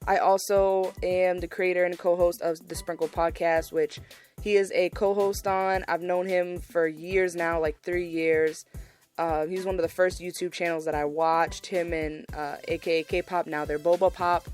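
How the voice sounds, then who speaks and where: A young woman with a fairly low voice chats casually through a solo podcast recap. She gushes and repeats words for emphasis. Soft music plays faintly under her talk. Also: flat delivery, moderate pace. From Massachusetts, USA. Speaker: podcast host.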